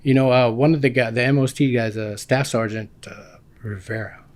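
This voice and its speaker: A man in his fifties from Guam, a guest telling casual stories about his army years, animated and full of restarts. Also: mid-range voice, brisk. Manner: animated, acts out quoted dialogue with many restarts. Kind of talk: casual storytelling.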